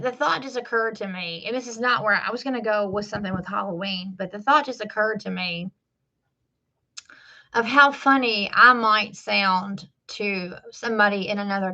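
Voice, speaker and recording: A woman's voice: medium pitch, pushed and bright, highs cut off. A woman in her forties from the American South, with a Southern drawl, chatting casually and rambling on a livestream. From Southern United States. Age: 40s. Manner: rambling, many fillers and restarts. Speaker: livestream host. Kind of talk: casual live-stream chat.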